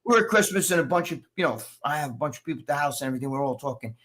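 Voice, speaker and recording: A man chatting casually on a livestream, telling animated, profanity-laced stories as co-host over a video call. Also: fairly high pitch, rapid-fire. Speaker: show co-host.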